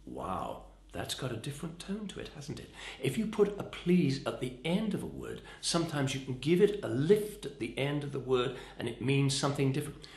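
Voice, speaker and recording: Male voice coach with a lively pitch and expressive stress. Recorded in a reverberant room. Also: moderate pace, few pauses. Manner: expressive, demonstrative, shifts stress to show emphasis. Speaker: voice and speaking coach. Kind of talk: instructional talk.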